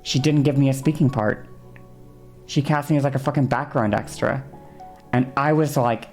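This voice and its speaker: A woman in her twenties, streaming and telling a story in a heated, swearing rant, often pausing to check in with her listeners. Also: a bass voice, fairly even intonation, darkish tone, faint music behind. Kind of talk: casual stream chat.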